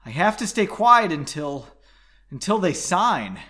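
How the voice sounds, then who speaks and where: A man's voice: high voice, sing-song, unhurried, pushed and bright, full character voice. A man voicing a panicked young male alchemist who talks in a fearful, wailing way.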